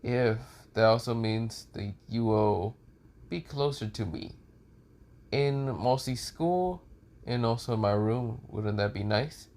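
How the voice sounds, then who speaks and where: A man's voice: medium pitch, slow, darkish tone. A man doing a smug flirty dragon heir. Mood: teasing. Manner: teasing, smug.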